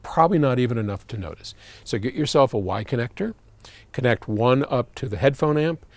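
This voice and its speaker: An older American man with a gravelly voice talks through a viewer's question in an easy, chatty way. His pitch swings freely as he reads the letter and adds his own asides. The sound is dry and close. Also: expressive, brisk, no room sound. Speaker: host answering viewer questions. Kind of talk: casual advice talk.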